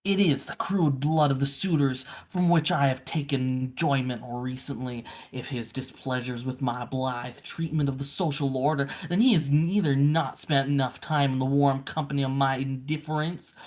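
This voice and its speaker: A man's voice: medium pitch, fairly even intonation, moderate pace, hardly any pauses, voice pushed down, lightly acted. A man on a livestream voicing a haughty female pirate troll reading from her journal in a grandiose, theatrical pirate lilt. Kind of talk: reading a comic aloud on stream.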